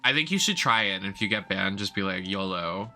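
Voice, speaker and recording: A man's voice: lowish voice, animated, quick pace, gravelly, bright, forceful tone, soft background music. A man with a Boston accent chatting crudely and playfully while streaming a game, laughing often. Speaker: gaming streamer. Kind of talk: casual gameplay stream chat.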